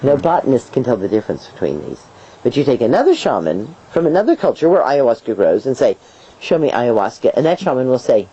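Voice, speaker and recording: A middle-aged woman, an herbalist guest, tells stories with a mellow, warm tone and a pitch that swings widely. She slips into playful acted voices and laughs. The sound is dull and lo-fi, with a faint hiss underneath. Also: fast, breathy edge. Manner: lively storyteller, acts out voices and laughs. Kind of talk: storytelling interview answers.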